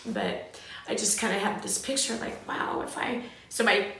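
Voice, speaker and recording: A middle-aged woman from Southern California, telling a personal story in a candid, animated way with fillers and restarts. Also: mid-range voice, normal speed, a little hiss or hum. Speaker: host. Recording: very echoey room.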